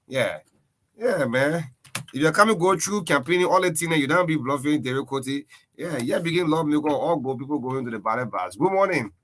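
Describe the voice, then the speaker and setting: A man's voice: a little high, expressive, a little fast, fairly bright tone. A man hosting a breakfast show, talking loosely about politics with lots of "yeah" and "man". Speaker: radio breakfast show host. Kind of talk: casual political talk.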